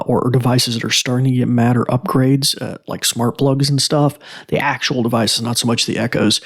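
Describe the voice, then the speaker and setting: A man hosting a tech podcast, talking casually in a rambling, self-correcting, friendly way. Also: medium pitch. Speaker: podcast host.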